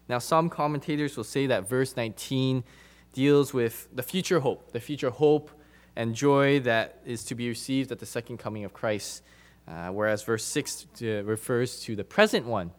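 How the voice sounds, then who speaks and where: A man preaching a sermon to his congregation, emphatic, repeating phrases for stress and moving between loud and soft passages. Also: mid-range voice, moderate pace.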